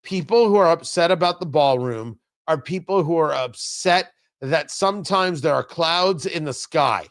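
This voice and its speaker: A man's voice: a little high, normal speed, few pauses. A male radio talk show host giving opinionated political commentary from the studio, full of sarcastic, riffing asides.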